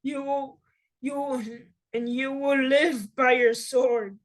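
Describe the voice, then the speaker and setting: A woman's voice: high-pitched, steady tone, slow. A woman voicing an old, dying father who was tricked by his son, speaking solemnly and with dismay.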